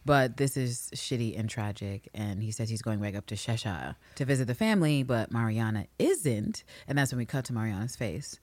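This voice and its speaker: A woman with a low voice talks through a TV episode in casual podcast chat. She swears freely, laughs often and slips into quick impressions of the characters. The sound is dry and close. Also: no echo. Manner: animated, profane, laughs often, acts out characters. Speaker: podcast co-host.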